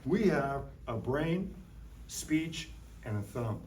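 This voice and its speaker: A man teaching a lively science lesson to young children in a classroom, playful and full of call-and-response. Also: medium pitch, takes it slowly, slight background noise. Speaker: science educator visiting a class. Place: school classroom. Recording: roomy room from a distant mic.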